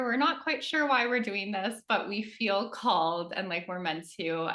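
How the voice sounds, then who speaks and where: Earnest low-toned woman. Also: pushed and bright. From Canada. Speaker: spiritual medium. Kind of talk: casual conversation.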